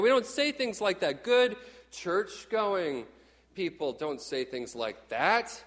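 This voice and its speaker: A middle-aged man from Texas preaching a sermon in a lively, conversational way, often acting out quotes. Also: high voice, takes it slowly, long reverb tail. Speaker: pastor.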